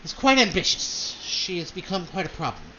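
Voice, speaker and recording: A man's voice: high-pitched, sing-song, fairly quick, pushed and bright, slight background noise, full character voice. A man voicing Lady Dahlia, a haughty noble mother who gossips and complains about her ambitious daughter, on a dull lo-fi recording. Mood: bitter.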